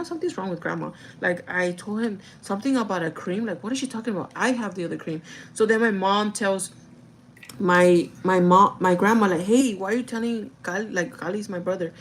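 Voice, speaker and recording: A woman's voice: medium pitch, a little hiss or hum, poor audio. A young woman vlogger telling a family story in casual chat, rambling with many fillers and often calling her viewers "guys".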